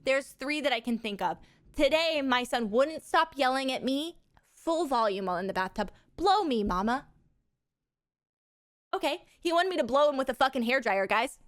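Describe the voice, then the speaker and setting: A young adult woman livestreaming, chatting casually with viewers in animated stories full of swearing and laughter. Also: high-pitched, a little fast, no echo, studio quality.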